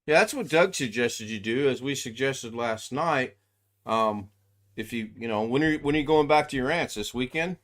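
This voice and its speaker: A man's voice: mid-range voice, animated, normal speed, a bit bright. A man hosting a casual live stream, chatting loosely and reading out viewers' names. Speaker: livestream host.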